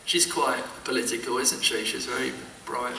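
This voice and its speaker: A man's voice: medium pitch, little pitch movement, moderate pace, gravelly, pushed and bright, slight background noise. An older man chatting as a convention panel guest, telling rambling anecdotes full of false starts, recorded at a distance in an echoey hall. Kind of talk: casual panel chat.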